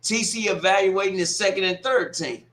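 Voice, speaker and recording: Man, casual livestream chat, high voice, roomy echo. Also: moderate pace. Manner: animated, laughing, swearing, scolding a commenter. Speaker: watch party livestream host. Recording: echoey room.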